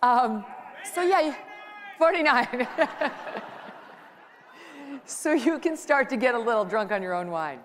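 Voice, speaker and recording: A woman's voice: fairly high pitch, expressive, measured pace, long pauses, some chatter behind, slight background noise. Chatty woman speaking in a big hall. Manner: chatty, joking, storytelling. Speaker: conference speaker, talk show host. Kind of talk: lively stand-up style speech. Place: large conference hall. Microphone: handheld mic on stage. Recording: long hall reverb.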